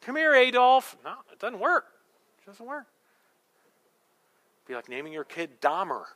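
A man's voice: fairly high pitch, sing-song, unhurried, bright, forceful tone. A male pastor preaching a sermon, emphatic, with rhetorical questions and humorous asides.

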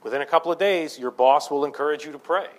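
A man's voice: on the high side, fast talker. A man preaching a sermon as pastor, conversational and self-deprecating, building to fervent emphasis.

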